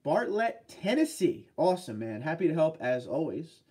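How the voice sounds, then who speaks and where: A man's voice: on the high side, very animated, normal speed, warm tone, breathy edge. A man with a Boston accent and a head cold, hosting a casual livestream and answering viewer questions about trucks in a laid-back way. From New England. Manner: laid-back, reads chat comments aloud and answers.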